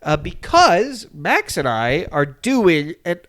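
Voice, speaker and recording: A young man co-hosting a comedy podcast, telling absurd stories in a rambling, deadpan way. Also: fairly high pitch, slow. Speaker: podcast co-host. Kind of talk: casual comedic podcast chat.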